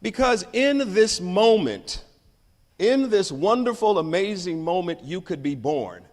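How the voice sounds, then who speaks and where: A man delivers a motivational conference speech and tells his stories with dramatic swings in loudness. His voice sits high for a man. The sound carries a long reverb from a large hall. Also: very animated, a little slow. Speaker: conference keynote speaker.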